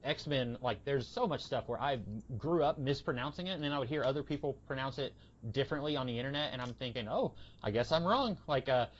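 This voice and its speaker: A man's voice: medium pitch, quick pace, muffled recording, slight background noise. A man co-hosting a podcast, chatting casually about comics and rambling through anecdotes. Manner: rambling, animated storytelling with quoted voices. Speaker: podcast co-host. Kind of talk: casual comic book discussion.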